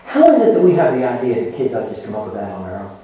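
An older man preaching a sermon as pastor in a church, animated, laughing often and asking rhetorical questions. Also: mid-range voice, racing, echoey room, dull audio. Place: church sanctuary.

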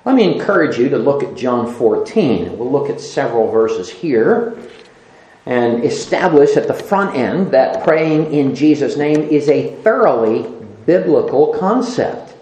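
A man's voice: mid-range voice, very animated, unhurried, darkish tone. A man preaching a sermon who reads scripture aloud and rises sharply on repeated, emphatic words. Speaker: pastor. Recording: echoey room.

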